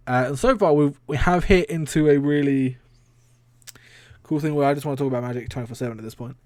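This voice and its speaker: A man's voice: medium pitch, fast, a little mellow, dry recording, clean studio sound. A man hosting a casual solo stream, rambling and chatty, laughing often and swearing casually. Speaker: streamer and podcast host.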